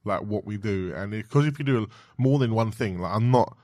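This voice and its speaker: A low-voiced man chats easily as a podcast guest. The sound is close and dry, with no room echo around him. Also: normal speed, a little mellow. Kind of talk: casual chat.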